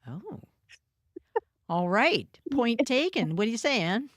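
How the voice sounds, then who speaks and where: A woman hosting a radio call-in show, brisk and chatty, on a studio mic. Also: fairly high pitch, very animated, a bit bright, no echo.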